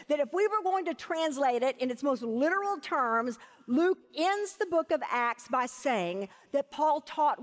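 A high-pitched woman preaches with emphasis and leans hard on key phrases. Her voice rings out with a long reverb from a large hall. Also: expressive. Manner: emphatic, slows down to stress key words. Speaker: Bible teacher. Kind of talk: sermon.

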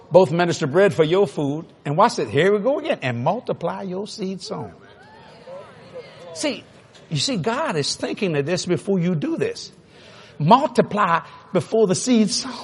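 A man preaching a sermon, telling a funny story with laughter and sudden shouts. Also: high voice, husky. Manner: animated, laughing, bursts into shouts.

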